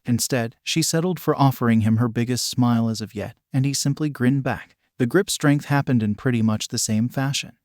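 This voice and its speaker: A man reads a fan-written story aloud in steady, even narration. His voice sits at a middling pitch for a man, and the recording is dry and close, with no room sound. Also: a little fast, hardly any pauses, no room sound. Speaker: story reader. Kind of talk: scripted narration.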